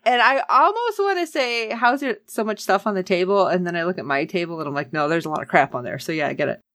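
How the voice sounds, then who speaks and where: A woman's voice: lowish voice, lively intonation, fast talker, a bit bright, dry recording, studio quality. A woman chatting casually as a podcast co-host, recapping a TV episode with sarcasm and acting out the characters' lines.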